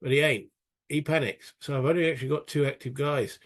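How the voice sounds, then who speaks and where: A man's voice: a little high, steady tone, fairly quick. A British man narrating a solo tabletop wargame playthrough, chatting and thinking aloud as he goes, with self-mocking asides. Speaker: solo board game player.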